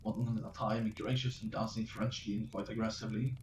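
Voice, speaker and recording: A man's voice: on the low side, level tone, brisk. A man reading his own fantasy story aloud, stumbling and restarting words as he goes. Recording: roomy, distant mic with faint noise.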